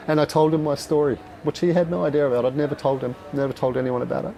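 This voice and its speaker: A man's voice: on the high side, steady tone, mellow, poor audio. Candid Australian man telling his story. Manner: candid and raw, swears often, halting with fillers. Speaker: speaker at a dinner talk. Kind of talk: personal storytelling talk.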